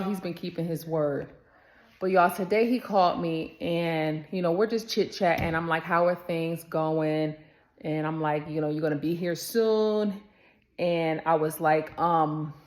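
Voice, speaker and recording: A woman, chatting casually to camera and telling a story, addressing viewers as y'all and acting out the voices in it. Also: sits low.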